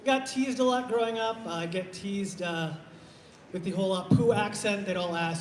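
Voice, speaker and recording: A man from Iowa working a stand-up set with a fairly high voice, laid back and halting, leaning on little fillers as he goes. He speaks into a handheld stage mic, and the sound rings in a roomy hall with a long reverb. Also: a little hiss or hum. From Iowa, USA. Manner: halting, low-key delivery with many uh fillers. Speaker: stand-up comedian. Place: live comedy show in a hall.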